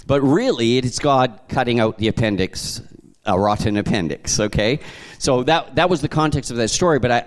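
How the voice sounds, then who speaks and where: A man from Canada preaching to a congregation, telling stories in a conversational, animated way with frequent restarts. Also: medium pitch. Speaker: pastor. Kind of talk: sermon.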